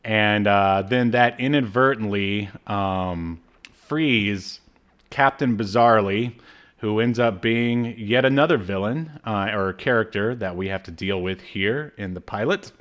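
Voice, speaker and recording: A man's voice: lowish voice, unhurried, fairly bright tone. A man co-hosting a podcast, recapping a cartoon in casual chat, with lots of fillers and wry asides. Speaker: podcast co-host.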